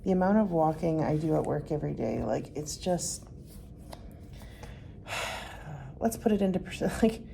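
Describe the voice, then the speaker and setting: Low, gravelly woman in a car, exhausted. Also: animated, measured pace, pauses often, dark tone, slight background noise. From Canada. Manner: tired, emotional, sighing. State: tearful. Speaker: vlogger. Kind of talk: personal vlog.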